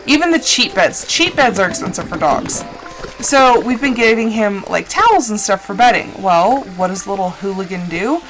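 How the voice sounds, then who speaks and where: A woman's voice: mid-range voice, moderate pace, music in the background, poor audio. A woman streamer chatting casually and rambling while she plays a game. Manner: rambling, chatty, animated asides. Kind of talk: casual chat while gaming.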